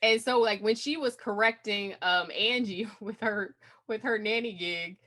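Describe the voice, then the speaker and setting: A woman's voice: medium pitch, a little slow, a bit bright. A woman co-hosting a casual podcast chat, talking loosely with lots of "like" fillers. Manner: chatty, many fillers like "like". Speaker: podcast co-host.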